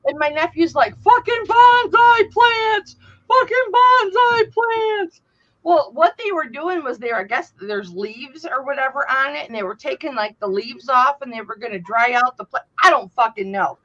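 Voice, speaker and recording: A woman's voice: high-pitched, brisk, hardly any pauses. A woman hosting a casual chat, telling stories with lots of swearing and acting out what people said. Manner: animated storyteller, swears freely, acts out quotes. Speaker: host. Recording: dull lo-fi sound.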